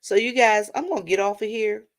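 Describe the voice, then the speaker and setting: A woman's voice: mid-range voice, a little fast. A middle-aged woman, chatting and rambling to her viewers in a casual vlog. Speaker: vlogger. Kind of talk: casual storytelling vent to viewers.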